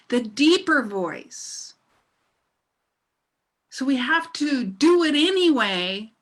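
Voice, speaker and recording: A woman's voice: fairly high pitch, fairly bright tone. A middle-aged woman minister giving a sermon, telling a story with laughter and asking her congregation questions.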